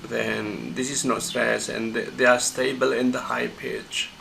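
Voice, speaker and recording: Gravelly man teaching pronunciation. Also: mid-range voice, level tone, background noise. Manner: halting, many fillers and restarts. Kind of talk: screen-recorded lecture.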